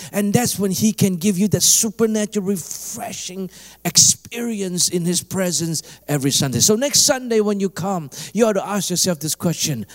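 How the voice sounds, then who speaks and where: A middle-aged man preaching a sermon as a pastor, telling a story in an animated way and acting out the voices in it. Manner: animated storytelling, acts out dialogue with big pitch jumps.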